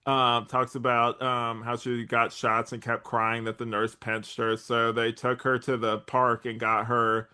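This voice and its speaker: A young man co-hosting a casual rewatch podcast, with a bright, forward voice and a mid-range pitch. He rambles through his points with plenty of likes and ums and breaks into laughter often. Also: flat delivery, a little slow, few pauses, clean tone. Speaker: podcast co-host.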